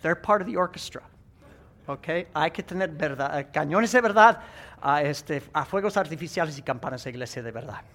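A man preaching as pastor to a congregation, animated, getting the room to make sound effects and then repeating each point in a second language. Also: a little high, fast talker. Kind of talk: bilingual sermon. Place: church sanctuary.

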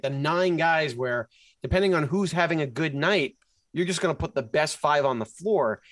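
Male podcast co-host, slightly high-pitched, dry sound; animated fan breaking down plays. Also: dry recording. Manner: animated, plays out game sequences. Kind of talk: casual sports chat.

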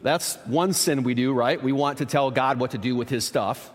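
A man preaching a sermon in a conversational way, asking rhetorical questions and dropping quiet for emphasis. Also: mid-range voice, moderate pace. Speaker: pastor. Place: church. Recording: reverberant church hall.

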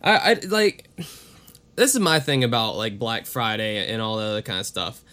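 A man with a lowish, expressive voice, pushed and bright at normal speed, co-hosts a relaxed true-crime podcast. Between readings of case notes, he drops profane, offhand comments.

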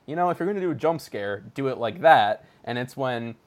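A man chatting casually, animated, laughing often and using lots of fillers. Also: mid-range voice, a little fast. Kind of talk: casual chat.

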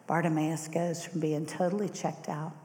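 A middle-aged woman preaching a sermon, telling the story in a lively way and acting out the voices. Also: sits low, normal speed. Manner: animated storyteller who acts out voices. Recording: echoey hall reverb.

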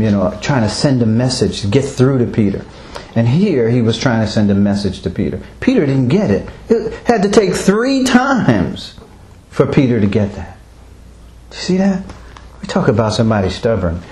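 A man's voice: mid-range voice, very animated, moderate pace, darkish tone. A man leading a Bible study, asking the group questions and chuckling often as he explains. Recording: roomy echo, faint background noise.

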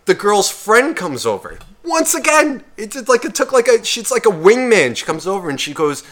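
Bright-voiced swearing male storyteller. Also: high voice, brisk, few pauses. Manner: profane, animated, quotes others in shifting voices. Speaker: podcast co-host. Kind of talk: casual storytelling chat.

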